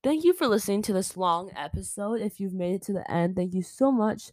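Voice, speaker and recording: A woman's voice: medium pitch, expressive, fairly quick, darkish tone, dry recording. A young woman hosting a solo podcast, gushing emotionally with many fillers as she talks. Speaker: podcast host. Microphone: home microphone.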